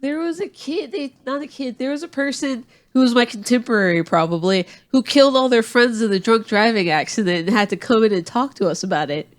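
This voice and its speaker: A man's voice: extremely high pitch, fairly quick, few pauses. A man from Atlanta co-hosting a podcast, telling a long story in casual chat with lots of fillers and restarts. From Atlanta, USA. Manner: rambling storyteller with many fillers. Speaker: podcast co-host.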